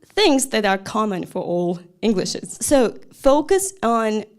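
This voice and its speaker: A woman from Russia, a language teacher giving a lively lecture and answering her own questions. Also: mid-range voice, slow pace. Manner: lively, asks questions and answers them, talks straight to listeners. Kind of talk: lecture talk.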